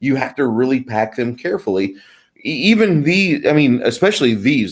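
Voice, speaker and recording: A man's voice: medium pitch, very animated, moderate pace, slightly rough. A man hosting a casual panel chat about tabletop games, joking and rambling with frequent restarts.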